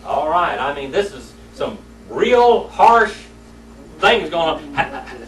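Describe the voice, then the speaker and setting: A man's voice: fairly high pitch, sing-song, slow, fairly bright tone, slight background noise. A man teaching a church Sunday School class, telling folksy stories and quizzing his students. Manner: folksy storytelling, asks the class questions. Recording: echoey room, mic far off.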